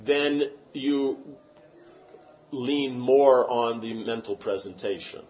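A man's voice: mid-range voice, steady tone, slow, a little mellow, dull audio. A man teaching a class and answering questions, talking in an emphatic, rambling way with many restarts. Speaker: spiritual teacher.

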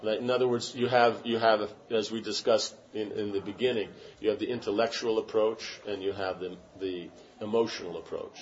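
A man's voice: lowish voice, fairly even intonation, normal speed, hardly any pauses, muffled recording, slight background noise. Man giving a rambling emphatic lecture. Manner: rambling, emphatic, with many restarts. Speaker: spiritual teacher. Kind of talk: lecture answering questions.

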